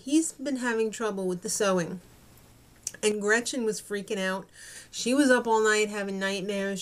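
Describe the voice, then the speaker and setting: A young woman giving a snarky, gossipy recap of a reality show. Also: fairly high pitch. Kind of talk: casual TV recap commentary.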